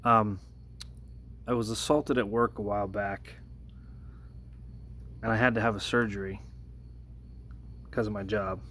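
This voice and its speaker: A man's voice: fairly even intonation, a little slow, long pauses, fairly bright tone, a little hiss or hum. A man telling a personal story to a phone camera in a casual vlog, earnest and hesitant, with many restarts. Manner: earnest, hesitant, many restarts, rises in pitch when retelling the confrontation. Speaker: workplace de-escalator.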